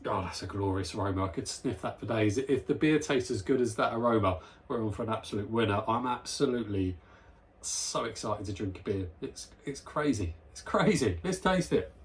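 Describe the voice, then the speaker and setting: Slightly fast and on the low side, the channel host's voice carries his casual enthusiasm as he sniffs and samples a beer. He's filming his beer review vlog at home, near a barbecue area.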